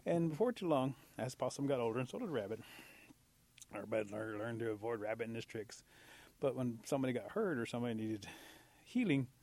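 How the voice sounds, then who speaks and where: A man tells a traditional animal folktale in a relaxed, spoken way. His voice is husky and sits at an ordinary male pitch. He stays animated and leans on the key words as he goes. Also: fast. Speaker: storyteller. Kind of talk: oral folktale storytelling.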